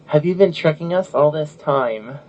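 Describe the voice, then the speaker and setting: A man's voice: on the high side, animated, normal speed. A man hosting a casual podcast chat, talking loosely with frequent restarts and laughs. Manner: chatty, laughs often, restarts. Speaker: podcast host. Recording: lo-fi audio with faint noise.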